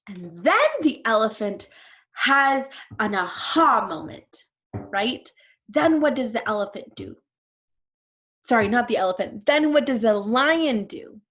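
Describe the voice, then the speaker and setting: Lively, slow-talking woman teacher. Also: a little high. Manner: explains words, asks questions, pauses. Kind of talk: reading a storybook aloud to a class.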